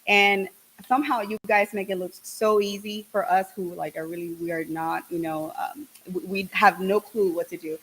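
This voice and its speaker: A woman hosting a podcast in casual chat, bubbly and exclamatory, giving shout-outs to viewers. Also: medium pitch, steady tone, moderate pace, husky, poor audio. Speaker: podcast host.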